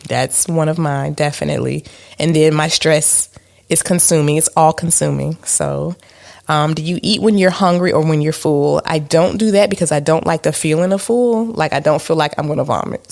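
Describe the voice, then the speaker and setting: A woman's voice: low voice, vocal fry, a little mellow. A woman co-hosting a podcast in a casual chat, candid and self-mocking, with many fillers. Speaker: podcast co-host.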